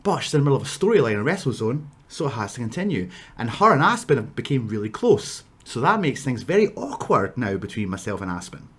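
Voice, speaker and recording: A man's voice: mid-range voice, big pitch swings, fast, hardly any pauses, slightly rough. Rambling Scottish man telling a story. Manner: rambling, with asides and restarts. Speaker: wrestler telling stories. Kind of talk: casual storytelling rant.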